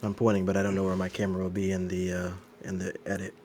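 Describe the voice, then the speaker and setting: A man in his twenties co-hosting a casual podcast with friends, talking in a relaxed, easygoing, rambling way. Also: deep voice, fast talker, a little hiss or hum. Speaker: podcast co-host and editor. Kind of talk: casual chat among friends.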